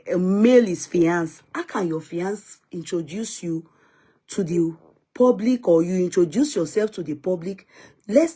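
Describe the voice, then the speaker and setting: A woman's voice: fairly low pitch, warm tone, husky. A young woman with a Nigerian accent giving earnest, pleading commentary in a vlog, often repeating herself as she talks. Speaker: vlogger.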